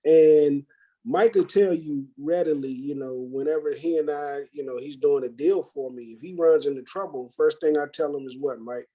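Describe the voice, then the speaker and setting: A man's voice: a little high, moderate pace, mellow, low-quality recording. A man hosting a talk for real estate agents, coaching them in an emphatic, salesy way and acting out his own conversations. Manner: emphatic, sales-pep, acts out his own quoted lines. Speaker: brokerage host training agents.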